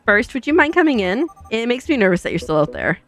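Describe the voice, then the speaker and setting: A woman's voice: on the high side, very animated, faint music behind. Woman reading a nervous young heroine. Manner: worried, rapid self-questioning. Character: anxious young woman investigator. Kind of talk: reading game dialogue aloud.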